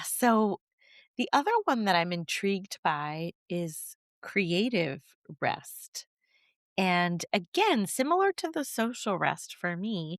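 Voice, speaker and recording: A woman hosting a podcast, asking reflective questions and offering soft affirmations. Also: fairly low pitch, dry recording, studio quality. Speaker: podcast host. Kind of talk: conversational interview.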